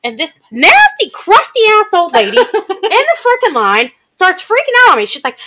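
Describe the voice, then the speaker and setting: Brash, animated high-voiced woman. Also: moderate pace. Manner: brash, profane and animated, acts out other people's lines. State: wears hearing aids. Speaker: podcast co-host. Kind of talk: casual storytelling chat.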